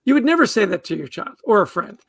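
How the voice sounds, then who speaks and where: High, gravelly-voiced man speaking earnestly. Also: big pitch swings, fast, a bit bright, dry recording. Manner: earnest, emphatic, repeats words when starting phrases. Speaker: guest author. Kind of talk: podcast interview conversation.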